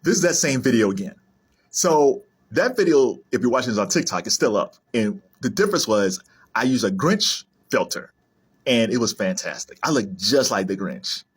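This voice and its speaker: A man chatting casually on his own, animated and laughing often, sometimes popping into silly high voices. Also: moderate pace, breathy edge. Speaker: video creator. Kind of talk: casual solo chat to camera.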